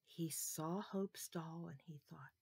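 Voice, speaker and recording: A woman telling a Bible story to children, expressive and asking her listeners questions. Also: sits low, takes it slowly, creaky, slightly rough, no room sound.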